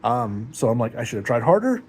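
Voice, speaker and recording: A heartbroken man talking in a rambling, halting, emotional way in a personal confessional vlog. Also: mid-range voice, sing-song, a little hiss or hum.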